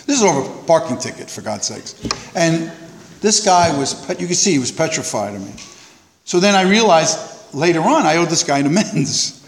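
A man sharing at a recovery meeting, telling a self-mocking, animated story that rises loud and high at the funny parts. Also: fast talker, big-room sound, slight background noise. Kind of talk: storytelling share.

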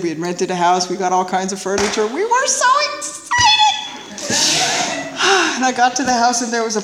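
A woman tells her recovery story to a live audience, animated and confiding, often laughing and asking "right?". Her voice carries a long, roomy reverb from a large hall. A faint noise sits under it. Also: mid-range voice. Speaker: speaker sharing a recovery story.

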